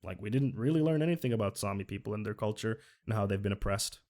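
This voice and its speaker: Guy streaming, lowish voice, earnest rambling chat, desk mic. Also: animated, fast talker, darkish tone. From Finland. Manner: chatty, earnest, self-correcting. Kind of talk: casual reaction commentary.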